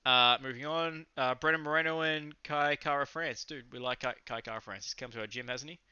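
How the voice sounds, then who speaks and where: A man's voice: medium pitch, steady tone, brisk, bright, forceful tone, clear, resonant tone, no room sound. A young Australian man co-hosting a casual fight recap, talking loosely and enthusiastically, with some swearing and rambling. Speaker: podcast co-host. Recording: slightly muffled lo-fi audio.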